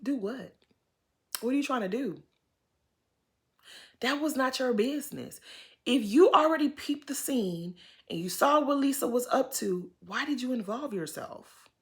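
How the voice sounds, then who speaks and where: A woman's voice: high-pitched, animated, unhurried, pauses often. A woman giving an opinionated, casual recap of a reality TV episode, full of "girl" asides and pointed questions. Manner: sassy, opinionated, calls people "girl". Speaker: TV recap host.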